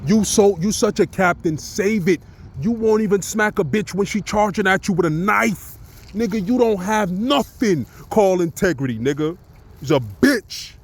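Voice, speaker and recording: A man from Brooklyn rants in a fairly high voice. He is taunting and profane, roasting his target and keeps filling the gaps with "you know what I'm saying". The delivery is loose and repetitive, in the manner of a vlog. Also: expressive, moderate pace, breathy edge. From Brooklyn, New York. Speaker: vlogger.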